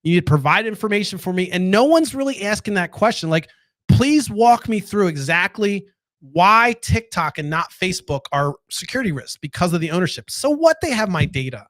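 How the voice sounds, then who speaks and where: A man's voice: high voice, big pitch swings, normal speed, fairly bright tone, no room sound. A man hosting a casual late-night monologue, speaking candidly with swearing and rhetorical questions. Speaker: podcast host.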